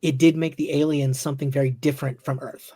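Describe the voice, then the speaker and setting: A man's voice: on the high side, flat delivery, fast talker, mellow, dry recording, studio quality. A man talking casually in a book discussion, opinionated and blunt, sometimes swearing. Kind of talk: casual book club chat.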